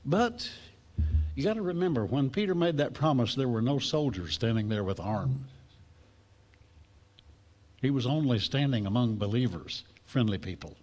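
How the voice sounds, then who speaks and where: A man's voice: medium pitch, normal speed, long pauses. A man preaching a sermon to a class, telling stories and acting out the voices in the quotes. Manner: lively storytelling preacher, acts out voices in quotes.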